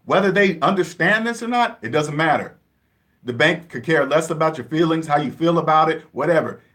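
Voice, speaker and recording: In his personal finance vlog, a man from the Seattle area, USA, lectures emphatically and repetitively about money in casual monologue. The voice is a bit high, expressive, brisk and fairly bright.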